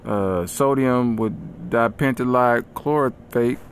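A man's voice: mid-range voice, slow, slight background noise. Man doing a weary chemistry teacher.

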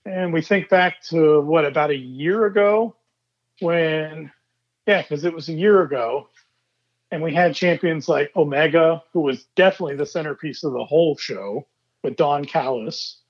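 A man's voice: fairly high pitch, normal speed. Easygoing man on a dull mic. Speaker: podcast co-host. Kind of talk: casual wrestling chat.

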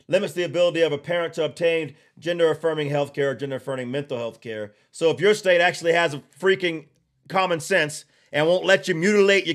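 A man hosting a political podcast, giving heated, blunt opinion commentary with slow, emphatic repetition and drawled asides. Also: fairly high pitch.

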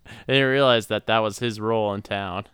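A man's voice: fairly low pitch, steady tone, moderate pace, fairly bright tone, smooth, no echo, studio quality. A man co-hosting a casual comedy podcast who laughs often and riffs crudely on a film's plot. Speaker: podcast co-host.

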